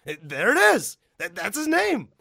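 Dude ranting on a podcast, kinda high voice, swears a lot, spikes way up when he's fired up, super dry mic. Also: normal speed, creaky, slightly rough, no echo. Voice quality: animated, ranting, profane, jumps to high pitch for emphasis. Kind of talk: casual chat.

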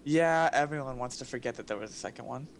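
A man's voice: medium pitch, quick pace. A young man chatting casually with friends, teasing them and joking around. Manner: teasing, jokey banter. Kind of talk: casual chat.

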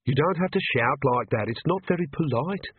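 A man's voice: a little high, expressive, moderate pace, breathy edge, no echo. A man voicing a shy, awkward young witch woman who speaks hesitantly, on a tinny phone-like recording. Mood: uneasy. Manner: hesitant and polite. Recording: tinny phone-like dry audio.

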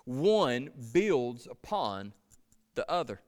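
A man's voice: medium pitch, very animated, slow pace, a little mellow. A man preaching a sermon as pastor, earnest, with repeated words and a voice that swells and falls away.

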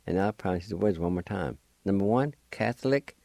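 A man's voice: deep voice, normal speed, creaky, hardly any pauses, dark tone, no echo. A man hosting a radio language lesson, spelling words out letter by letter and patiently encouraging listeners to practice. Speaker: radio language teacher and host.

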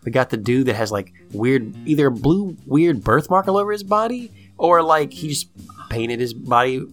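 A man in casual chat, recapping a cartoon episode with lively storytelling and lots of "like", acting out the characters' lines. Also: mid-range voice, normal speed, faint music behind. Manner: profane, lots of "like". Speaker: podcast co-host recapping a cartoon.

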